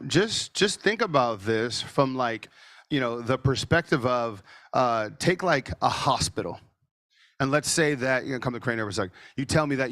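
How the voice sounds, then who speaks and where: A man presenting a marketing masterclass over a video call, animated and sometimes nearly shouting for emphasis. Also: mid-range voice, no echo, studio quality. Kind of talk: energetic webinar teaching. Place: office studio.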